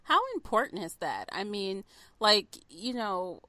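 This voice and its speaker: A woman's voice: medium pitch, very animated, a little slow, pushed and bright. A woman podcast host interviewing a guest, mostly listening and adding short affirmations and questions. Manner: attentive, with short affirmations and laughs. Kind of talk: casual interview chat.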